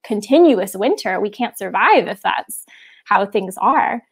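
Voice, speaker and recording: A woman's voice: medium pitch, expressive, a little slow, breathy edge. A woman voicing worried villagers who anxiously ask one another questions.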